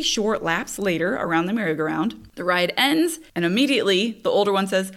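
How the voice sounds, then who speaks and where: A young woman hosting a podcast, telling a story casually in an animated, exasperated way, laughing often. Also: medium pitch, fairly quick, hardly any pauses. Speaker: podcast host.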